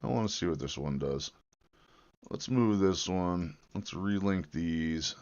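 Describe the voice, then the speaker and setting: A man's voice: sits low, animated, unhurried, a little mellow, dull audio. An American man livestreaming while he edits a video, chatting in a rambling, joking and profane way. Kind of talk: live-stream chat while video editing.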